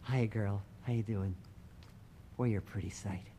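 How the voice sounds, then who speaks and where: A man's voice: sits high, a little fast, in a large hall, a little hiss or hum, pitched above the performer's own voice. A man voicing a reckless, gleeful fifty-six-year-old draftsman with a cocky drawl. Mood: tender.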